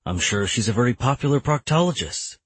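A man voicing a smug opposing attorney, crude and needling in a husky voice. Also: medium pitch, lively intonation, fairly quick, no echo, voice pushed up. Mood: mocking.

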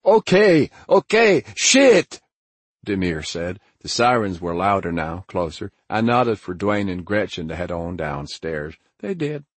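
A man with a very low, husky voice reads a first-person story in a grim, measured, hard-boiled way. The sound is dry and close, with no room around it. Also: expressive, no echo. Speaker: audiobook narrator. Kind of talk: first-person scripted narration.

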